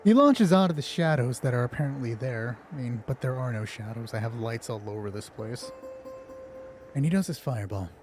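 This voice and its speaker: A man acts as game master for a live tabletop game, chatty and full of jokes at his own expense. A slight nervousness runs under his voice, which sits at an ordinary middle pitch. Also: animated, fairly quick, soft background music. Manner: joking, self-mocking and chatty. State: a little nervous. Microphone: headphones on, streaming from home.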